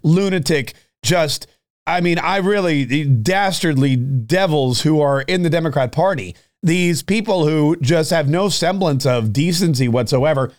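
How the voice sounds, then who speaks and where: A man delivering a political monologue in a fired-up, sarcastic way. His voice sits a little higher than most men's. He repeats himself as he builds each point. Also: a little slow. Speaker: political commentary host.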